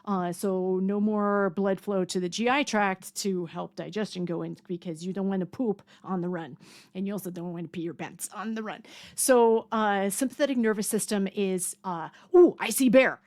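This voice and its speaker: A woman's voice: medium pitch, fairly even intonation, moderate pace, a little mellow. Chatty woman teaching with lots of fillers. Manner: chatty, lots of fillers, acts out panicked voices for fun. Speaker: health coach. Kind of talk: casual educational talk. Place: home near a mountain lake.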